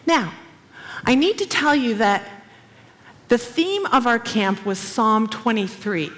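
A woman preaching to an audience in an animated, expressive storytelling style, acting out quotes. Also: on the high side, takes it slowly, in a large hall. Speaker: speaker, former missionary. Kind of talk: sermon storytelling.

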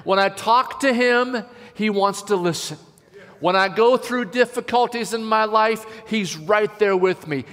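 A man preaching a sermon as a pastor, emphatic and slowing down to stress key phrases. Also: high-pitched, expressive, a bit bright. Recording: long hall reverb.

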